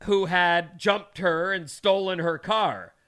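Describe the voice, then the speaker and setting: A man's voice: high-pitched, takes it slowly, fairly bright tone, smooth, no echo, clean studio sound. A man in his thirties co-hosting a morning radio show, reading odd news stories with wry asides.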